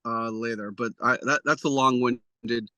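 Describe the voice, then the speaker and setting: A man's voice: medium pitch, fairly even intonation, unhurried, pushed and bright, no room sound. A man, an executive producer, answering interview questions in a rambling, self-deprecating way with many restarts.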